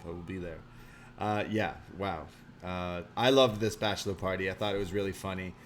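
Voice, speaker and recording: Low-voiced man chatting casually. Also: steady tone, moderate pace, a little hiss or hum. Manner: chatty, laughs easily, many "like" fillers. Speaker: podcast co-host. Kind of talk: casual chat.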